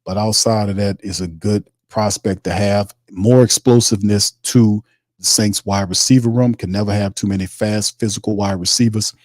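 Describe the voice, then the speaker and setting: A man's voice: lowish voice, steady tone, normal speed, darkish tone, no echo, studio quality. A man hosting a live sports stream, reading viewer comments and reacting in loose, slangy talk. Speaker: sports podcast host. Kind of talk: casual live-stream chat.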